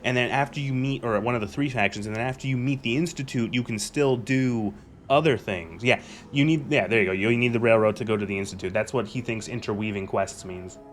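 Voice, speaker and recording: Male streamer, mid-pitch, ranting and swearing through gameplay commentary, loose and rambling. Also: fairly quick, a little hiss or hum. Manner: ranting, profane, rambling with restarts. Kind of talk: casual live gameplay commentary.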